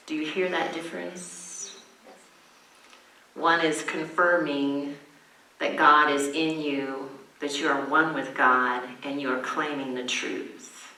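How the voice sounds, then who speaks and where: Slow-speaking woman pastor, echoey room. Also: deep voice, steady tone, recorded from a distance. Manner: gentle, emphatic teaching with quoted prayers. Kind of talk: sermon.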